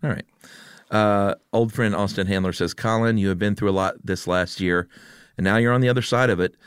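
A man's voice: lowish voice, steady tone, a little fast, clean tone, dry recording, studio quality. A man co-hosting a podcast, reading listener messages in a laid-back, amused casual chat. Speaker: podcast co-host.

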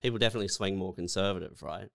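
A man's voice: deep voice, racing, gravelly, a bit bright, no room sound, clean studio sound. A man co-hosting a casual podcast, laid-back and laughing easily as he asks probing questions. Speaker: podcast co-host. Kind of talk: casual chat.

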